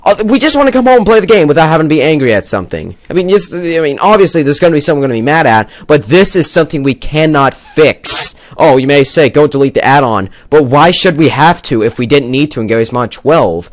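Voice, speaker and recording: Speaking quickly with few pauses, this young gaming video maker delivers an angry rant to camera about a game. His fairly high, animated voice is full of swearing and rambling as he pushes his argument, and there's no echo.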